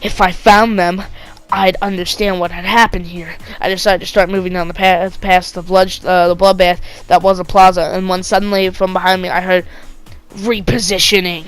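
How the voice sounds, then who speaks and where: A woman's voice: fairly low pitch, level tone, brisk, hardly any pauses, clean tone, soft background music, rough recording. A woman reading a creepy story aloud, breaking off for sarcastic, wry asides.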